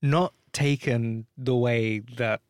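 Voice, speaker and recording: A man's voice: mid-range voice, steady tone, slow pace, smooth, dry recording, studio quality. A man co-hosting a podcast, rambling about films with many fillers and restarts. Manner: rambling, lots of fillers and repeats. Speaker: podcast co-host. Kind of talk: casual film chat.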